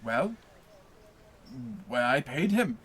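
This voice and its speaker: A man reading aloud, voicing a frail, gentle elderly father who speaks softly and modestly. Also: mid-range voice, sing-song, extremely slow, full character voice, rough recording. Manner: soft, modest, faltering.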